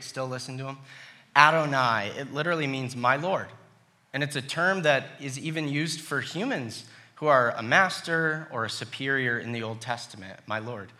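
A middle-aged man preaching a sermon, reading scripture slowly and then telling personal stories with lively acted-out quotes. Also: medium pitch. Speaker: pastor.

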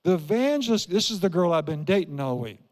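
An older man from Iowa preaches a sermon in a slightly high voice, driving his points home with repetition and questions to the congregation. His voice carries a long reverb through a large church hall. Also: big pitch swings, fast, a little mellow. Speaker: pastor. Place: church sanctuary.

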